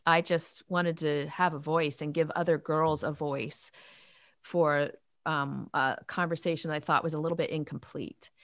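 A woman in her fifties who leads a youth ministry, answering interview questions in an earnest, animated way. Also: sits low, unhurried, no echo, clean studio sound. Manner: earnest, animated storytelling with faith talk. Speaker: author and youth ministry leader.

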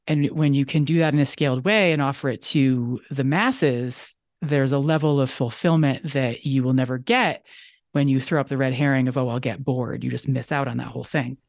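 A woman's voice: very deep voice, steady tone, normal speed, a little mellow, no room sound, studio quality. A woman guest on a business podcast, talking emphatically and repeating phrases for stress. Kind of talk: conversational interview.

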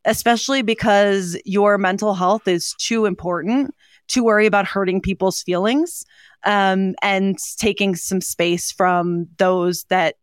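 A woman's voice: mid-range voice, fairly even intonation, measured pace, clear, resonant tone, dry recording, clean studio sound. A woman co-hosting a podcast, talking earnestly about hope with plenty of ums and you-knows. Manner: warm, earnest, with frequent fillers. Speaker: podcast co-host. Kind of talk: casual chat on hope and mental health.

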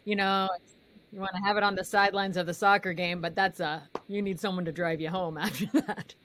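A woman's voice: mid-range voice, fairly even intonation, a little fast, fairly bright tone, a little hiss or hum. Chatty woman interview host. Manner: chatty, laughs easily, many restarts. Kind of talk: casual interview chat.

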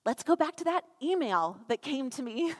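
A woman preaching a sermon with emphatic, animated delivery and playful asides to her congregation. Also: sits high, normal speed. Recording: reverberant church hall.

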